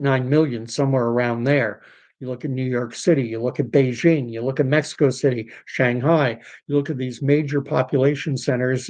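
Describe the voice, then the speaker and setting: A man's voice: medium pitch, darkish tone. A Canadian man hosting an unscripted livestream, talking things through in a conversational way with fillers and restarts. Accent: Canadian English. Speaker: podcast host.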